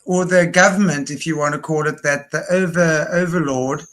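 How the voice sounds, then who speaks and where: A man hosting a casual conversation, putting in halting, thoughtful remarks. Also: fairly high pitch, steady tone, a bit bright.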